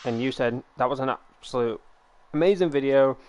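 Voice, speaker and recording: A man hosting a live stream, telling stories in quick, playful casual chat. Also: mid-range voice, a little mellow, clean tone, highs cut off. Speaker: streamer host.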